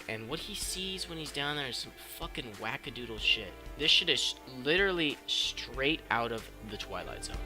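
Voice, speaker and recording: Young man, casual movie-review vlogger; profane and excitable, tense bright tone, faint music behind. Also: medium pitch.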